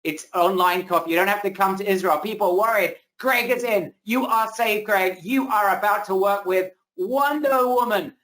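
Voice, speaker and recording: A man hosting a webinar, giving a pushy, excited sales pitch over a video call while his voice is wearing out. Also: normal speed, few pauses. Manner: hyped, pushy salesman hype. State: losing his voice. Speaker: webinar host. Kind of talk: hard-sell webinar pitch.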